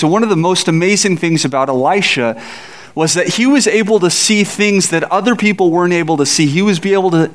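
High-voiced preaching man. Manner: animated preaching, acts out voices in scripture. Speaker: pastor. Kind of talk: sermon.

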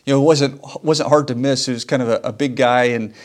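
A man's voice: mid-range voice, steady tone, fairly quick. A man preaching a sermon as a pastor, earnest and emphatic, repeating key lines for weight.

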